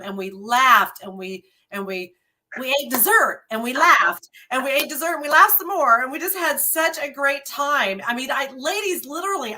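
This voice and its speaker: A woman's voice: fairly high pitch, bright, forceful tone. A woman hosting a casual chat who speaks in an effusive, gushing way. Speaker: host.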